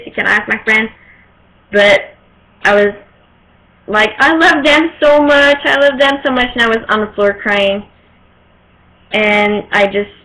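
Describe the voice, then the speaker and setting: A young woman whose first language is French, telling a rambling, excited story in a casual vlog and often searching for her words. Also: a little high. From Quebec, Canada. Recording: poor-quality home recording.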